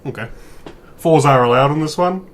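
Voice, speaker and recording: A man's voice: on the high side, moderate pace, noisy background. A man playing in a tabletop game, talking in a jokey, offhand way. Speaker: player. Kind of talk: casual in-game chat.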